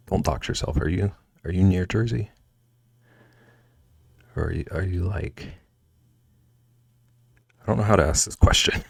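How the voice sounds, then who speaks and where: Deep gravelly-voiced man chatting on stream. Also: a little mellow, dry recording, clean studio sound. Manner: rambling, chatty, trails off into mumbles. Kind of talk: casual livestream chat while drawing. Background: faint background music.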